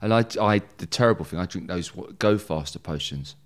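A man's voice: deep voice, fairly quick. A middle-aged man from England, a guest in an interview, talking candidly with emphatic, heated bursts and jokey asides.

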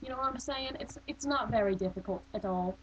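A woman's voice: fairly high pitch, fairly quick. A young woman rambling on a webcam in a vague put-on accent, sounding bored. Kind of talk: casual webcam monologue. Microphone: built-in webcam mic. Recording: dull lo-fi webcam audio with faint hum.

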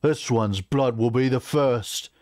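A man voicing a hot-tempered male orc war chief who snarls and shouts with contempt, read from a fantasy novel. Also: medium pitch, fairly even intonation, normal speed, no echo, studio quality, lightly acted. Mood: enraged.

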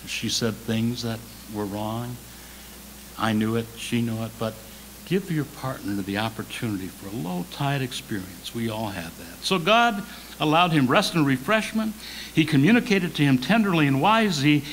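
A man preaching a sermon as associate pastor, swinging between loud emphasis and soft, near-whispered lines, repeating key words slowly. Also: mid-range voice, noisy background. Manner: slow deliberate preaching with repetition. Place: church sanctuary.

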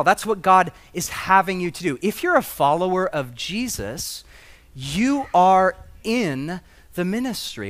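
A man's voice: fairly high pitch, a bit bright. A man preaching a conversational sermon as pastor, with humorous asides and rising emphasis.

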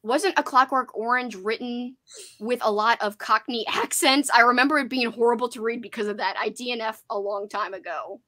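A young woman hosts a casual live book chat in a bright, slightly high voice. She talks in quick, giggly runs and reads out viewer comments as she goes. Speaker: host of a horror book channel.

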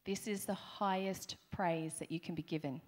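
A woman's voice: fairly low pitch, steady tone, normal speed. Woman preaching a conversational sermon. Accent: Australian. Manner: conversational, playful asides to congregation. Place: church hall.

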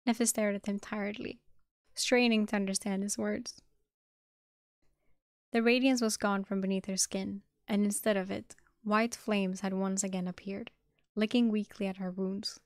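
A woman streamer reading a novel aloud with a dramatic delivery, sometimes breaking into excited reactions. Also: mid-range voice, moderate pace, dry recording, studio quality. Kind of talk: live-streamed audiobook reading.

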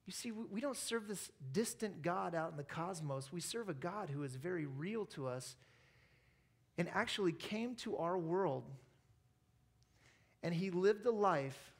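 High-voiced man preaching a conversational sermon. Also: animated, measured pace, husky. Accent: American. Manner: earnest, conversational storytelling with playful asides. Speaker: pastor. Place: church service.

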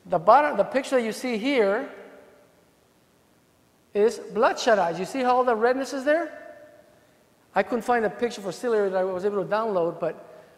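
Guy with an accent presenting at a legal seminar, jokey and blunt, big echoey hall. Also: very high voice. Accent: non-native English. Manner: animated, profane, jokes with the audience. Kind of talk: conference talk to an audience. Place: hotel conference hall. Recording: long hall reverb.

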